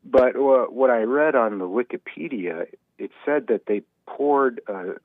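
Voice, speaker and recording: A man from Minnesota calling in to a show, telling a story in a relaxed way with hesitant restarts. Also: mid-range voice, unhurried, no echo. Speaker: caller. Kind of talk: phone-in conversation. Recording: tinny phone line.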